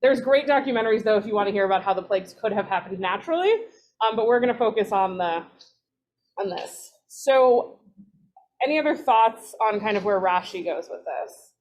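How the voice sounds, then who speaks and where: A woman, a rabbinic resident, leading a casual text study, chatty, with lively asides and quick self-corrections. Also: medium pitch.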